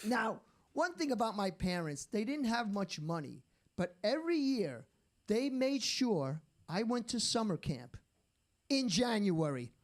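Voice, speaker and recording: A man doing a stand-up routine, delivering deadpan one-liners after slow setups. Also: sits high. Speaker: stand-up comedian.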